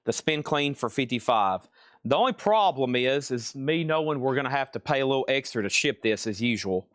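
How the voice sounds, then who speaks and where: A man's voice: medium pitch, animated, fairly quick, no room sound, studio quality. A man hosting a live record sale, talking in a casual, rambling, chatty way. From Tennessee. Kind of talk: live sales stream.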